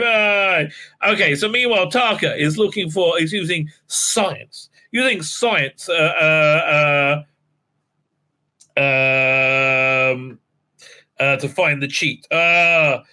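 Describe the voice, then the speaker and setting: A man's voice: fairly high pitch, bright, forceful tone. A man giving a casual, sarcastic recap of a TV episode, mocking the scenes and stumbling through lots of fillers and restarts. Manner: mocking, acts out scenes with put-on voices; halting, many fillers and restarts. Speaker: show reviewer.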